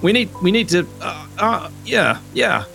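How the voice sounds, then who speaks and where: A man's voice: sits high, very animated, unhurried, gravelly, bright, forceful tone, soft background music, exaggerated voice. A man playing a fussy, flustered schoolteacher who stammers.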